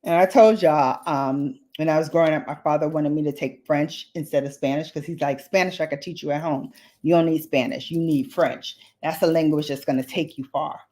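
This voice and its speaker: A woman's voice: sits low, fairly even intonation, a little fast, mellow. A woman vlogging a makeup demo in a chatty, playful way, full of slangy asides to her viewers. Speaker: beauty vlogger. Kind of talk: casual makeup demo chat.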